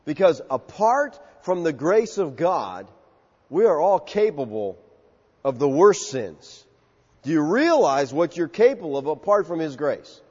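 High-voiced preacher in a reverberant hall. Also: male voice, big pitch swings, unhurried, a little mellow, breathy edge. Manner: emphatic, conversational preaching with acted quotes. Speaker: pastor. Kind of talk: expository sermon. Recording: muffled sound with long hall reverb.

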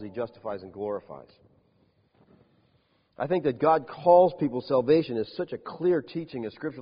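A man preaching a sermon, emphatic and animated, firing off rhetorical questions to his congregation. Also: medium pitch, husky. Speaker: pastor. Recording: dull lo-fi sound with long hall reverb.

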